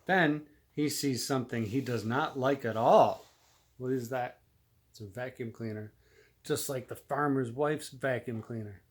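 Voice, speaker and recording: A man reads a children's picture book aloud at an unhurried, steady pace. He stops every so often to ask his young listener questions. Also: mid-range voice. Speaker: reader to a child.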